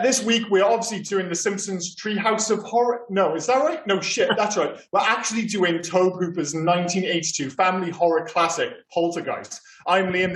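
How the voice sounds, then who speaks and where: A man's voice: high voice, echoey room. A man co-hosting a podcast in casual, chatty talk, swearing now and then. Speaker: podcast co-host. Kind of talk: casual chat.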